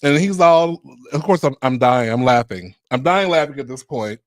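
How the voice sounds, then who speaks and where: A man's voice: medium pitch, animated, normal speed, no room sound, studio quality. A man hosting a podcast in casual chat, sassy, flamboyant and playful. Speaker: podcast host.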